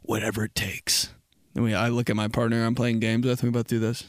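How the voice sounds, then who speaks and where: A young man hosting a podcast, rambling in a casual comic monologue, swearing freely and acting out quick mock exchanges. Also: mid-range voice, flat delivery, noisy background. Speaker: podcast host.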